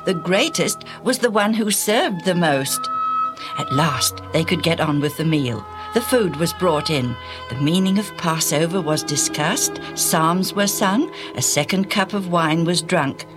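A woman narrating a storybook tale in an animated, exclamatory way, often asking the listener questions. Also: lowish voice, measured pace, over music.

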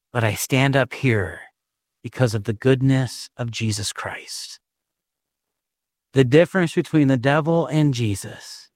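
A male pastor preaching a sermon, telling his own story and closing in prayer, slow and earnest with emphatic rises. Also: medium pitch, dry recording, studio quality. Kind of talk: sermon with personal testimony and prayer.

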